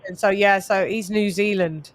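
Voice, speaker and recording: A woman's voice: medium pitch, fairly even intonation, normal speed. Chatty woman hosting a livestream. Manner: chatty, reads chat aloud, greets viewers. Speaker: host. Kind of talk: casual livestream chat.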